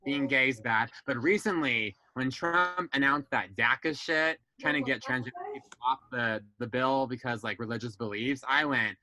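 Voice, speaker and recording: A young man chats on a podcast in a bright, forward tone, recorded dry and close. He tells family stories candidly, swears freely and acts out his relatives' lines in a raised voice. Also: medium pitch, normal speed, few pauses, no room sound, rough recording. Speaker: guest. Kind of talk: casual podcast chat.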